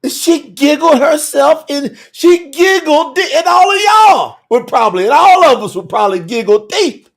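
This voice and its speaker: A man teaching scripture on a livestream, animated and colloquial, who keeps laughing and calling viewers by name. His voice sits high for a man. It swings widely as he speaks. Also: normal speed, hardly any pauses. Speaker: bible teacher.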